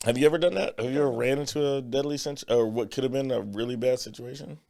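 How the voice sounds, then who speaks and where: A man tells a story on a podcast, slipping into quoted voices along the way. His voice is gravelly, with a rough fry at the bottom of his words. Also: medium pitch, fast. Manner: animated storyteller, acts out quotes. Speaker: podcast co-host. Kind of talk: casual chat.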